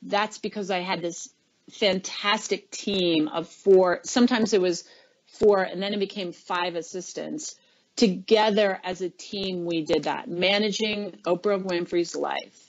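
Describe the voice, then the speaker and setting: A woman's voice: on the low side, a little slow, muffled recording. A middle-aged woman, a former chief of staff, tells stories in a webinar interview and acts out the lines people said. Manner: animated storyteller, acts out quoted lines.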